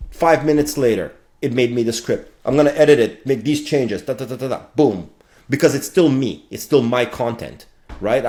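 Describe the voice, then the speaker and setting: Animated man talking tech in bursts. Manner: animated, talks fast in bursts with sound effects like bam and boom. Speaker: guest, fractional CTO. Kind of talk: casual podcast conversation.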